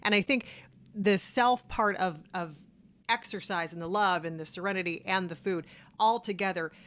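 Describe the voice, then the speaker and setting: A woman's voice: medium pitch, moderate pace, fairly bright tone. A woman hosting a talk show, speaking in an earnest, conversational way. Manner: earnest, conversational, laughs along. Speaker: show host. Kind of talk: casual interview chat.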